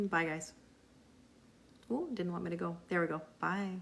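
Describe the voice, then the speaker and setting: A woman's voice: fairly low pitch, measured pace, vocal fry. A woman hosting a tarot live stream, chatting casually with viewers, answering their comments and laughing often. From Canada.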